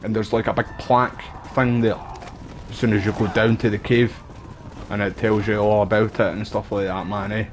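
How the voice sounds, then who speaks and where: Chatty Scottish man, low voice. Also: level tone, moderate pace, a little hiss or hum. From Scotland. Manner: rambling, chatty, uses local slang. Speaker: streamer. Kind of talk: casual gameplay chat.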